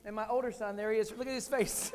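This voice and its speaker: A fairly high-pitched man in his forties delivers a keynote, spinning comic stories with animated swings and loud punchlines. His voice rings out with the long reverb of a large hall. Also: fast, a little hiss or hum. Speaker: keynote speaker. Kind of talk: storytelling keynote speech.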